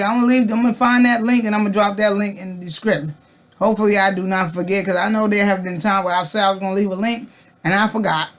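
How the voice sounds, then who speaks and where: A woman vlogger talking to the camera in casual, fervent style, firing off emphatic rhetorical questions and often restarting her phrases. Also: on the high side. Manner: loose and conversational, with frequent restarts.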